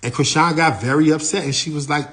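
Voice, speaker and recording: A man, a manager, giving a lively first-person account of an incident, his voice rising and getting louder as he gets heated. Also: fast talker. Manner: animated, grows louder and higher when heated.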